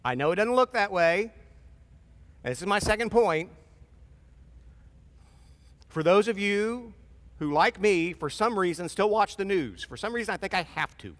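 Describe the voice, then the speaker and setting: A man's voice: high voice, animated, normal speed, long pauses, fairly bright tone. A pastor preaching a sermon in a casual, conversational way, acting out voices as he goes. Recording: long reverb of a large hall.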